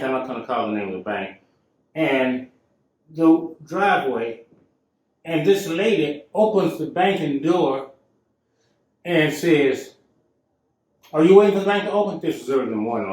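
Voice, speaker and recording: A man hosting his own talk show, telling a story casually with emphatic turns. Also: mid-range voice. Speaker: show host. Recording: echoey room, mic at a distance.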